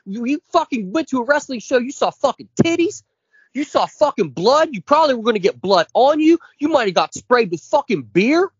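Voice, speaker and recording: A man in his forties co-hosts a podcast in casual chat, ranting with constant swearing and heavy emphasis. His voice is very high-pitched with big pitch swings, a little fast and breathy, recorded lo-fi with no room sound.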